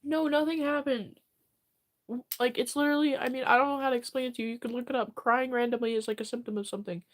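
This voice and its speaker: Crying young woman, high voice. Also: steady tone. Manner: apologetic, halting, reads chat donations. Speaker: livestreamer. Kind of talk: tearful livestream chat.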